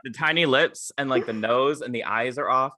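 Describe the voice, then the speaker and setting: A man's voice: medium pitch, moderate pace, pushed and bright, dry recording, clean studio sound. A man co-hosting a podcast in casual chat, rambling with stammered restarts and plenty of fillers. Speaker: podcast co-host.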